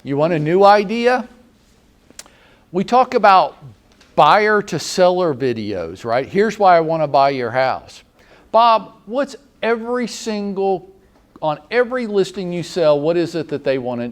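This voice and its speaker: A Southern American man talks to real estate agents in a blunt, sarcastic, mock-scolding way. His voice sits high for a man and swings widely in pitch. This is an animated training talk. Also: a little slow.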